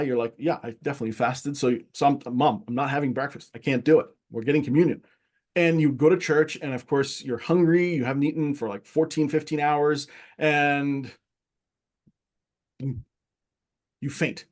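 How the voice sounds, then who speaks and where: Animated man telling a personal story. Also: fairly high pitch. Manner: animated, many restarts, acts out quoted voices. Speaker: guest. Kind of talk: casual conversation, personal storytelling.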